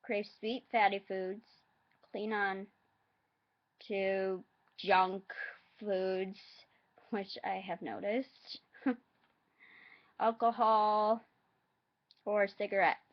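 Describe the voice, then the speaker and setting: A woman vlogger reading facts aloud in a halting, hesitant way, adding her own asides. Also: medium pitch, fairly even intonation, highs cut off.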